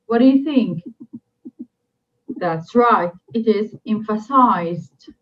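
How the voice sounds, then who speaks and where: A woman teaching an English lesson, slow and deliberate, repeating each new word three times for drilling. Her first language is Arabic. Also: medium pitch, expressive. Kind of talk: recorded classroom lesson. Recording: dull lo-fi recording.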